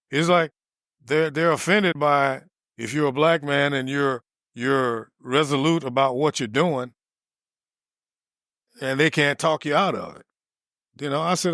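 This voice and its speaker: A man's voice: a little high, moderate pace, dry recording, studio quality. Man telling a story in casual chat. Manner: animated retelling, acts out both sides. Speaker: podcast co-host.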